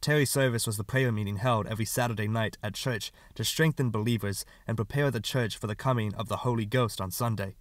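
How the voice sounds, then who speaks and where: A man reading a short story aloud as an audiobook narrator, calm and measured. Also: fairly low pitch, no echo.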